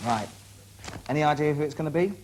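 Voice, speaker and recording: A man's voice: fairly high pitch, quick pace, a little mellow, a little hiss or hum. A man hosting a hypnosis show in a TV studio, giving coaxing, commanding instructions to his subjects. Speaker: stage hypnotist and host. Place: TV studio with audience. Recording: VHS TV studio with audience.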